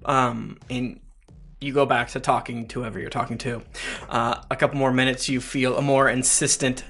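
A man running a tabletop game as game master, narrating haltingly with many restarts. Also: mid-range voice, level tone, creaky, fairly bright tone, breathy edge. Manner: halting, lots of restarts and fillers.

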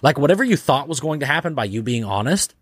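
A man's voice: medium pitch, big pitch swings, quick pace, husky, no room sound. A man as a podcast guest talking casually and loosely, filling his sentences with "like", swearing offhandedly and acting out little dialogues. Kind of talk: casual conversation.

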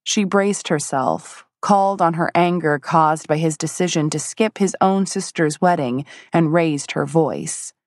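This audiobook narrator is a woman with a low-sitting voice, reading a romance novel from a script. She tells the story at a steady, measured pace, captured at studio quality with no room sound.

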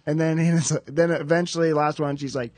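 A man's voice: a little high, steady tone, a little fast, no room sound. A man co-hosting a podcast, playful and teasing as he reads out texts in a casual chat. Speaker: podcast co-host.

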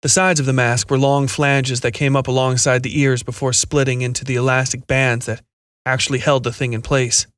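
A man narrating a scripted science fiction horror story in a steady, measured reading. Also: mid-range voice, no room sound.

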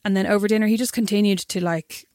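A young Irish woman telling a story in casual chat, animated and swearing freely. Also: mid-range voice, fast talker, no echo, clean studio sound. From Ireland.

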